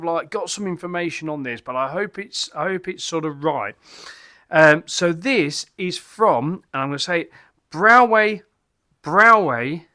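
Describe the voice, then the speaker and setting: A man's voice: on the high side, sharp tone, no echo, clean studio sound. A man from England hosting a casual beer review vlog from his home pub, chatty and rambling, enthusiastic and tripping over German names. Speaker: beer reviewer, channel host.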